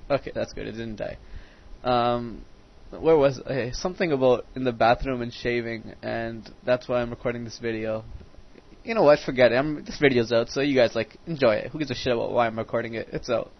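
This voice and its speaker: A teenage boy talks over his own strategy match, swearing freely and wandering off on side stories before snapping back to the game. His voice sits at an ordinary middle pitch. The recording sounds dull and lo-fi. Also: a little fast. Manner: rambling, profane, easily sidetracked. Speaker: game commentator. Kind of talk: casual gameplay commentary.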